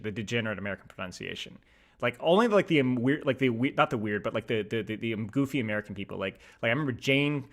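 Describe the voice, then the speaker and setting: In an easygoing pronunciation chat, a young male streamer sounds words out with a bright, forward voice. He speaks loosely and animatedly, not from a script, with a pitch that bounces a lot and repeated fits of mock-outraged shouting.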